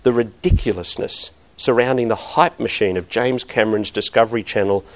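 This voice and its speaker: A man's voice: on the low side, brisk. A middle-aged man preaching a sermon, earnest and building to emphatic bursts.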